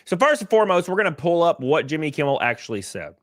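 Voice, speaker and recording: With a sing-song delivery, this California livestream host speaks quickly in a voice on the high side that's a bit bright. He reacts to chat while cursing, laughing heavily and acting out others' voices. The recording is dry and studio quality.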